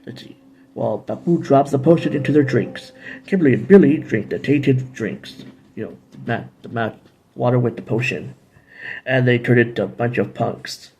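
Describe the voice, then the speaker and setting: A man's voice: medium pitch, normal speed, a little mellow, slight background noise. A man casually recapping and reviewing TV episodes, rambling with playful asides and bits of humming.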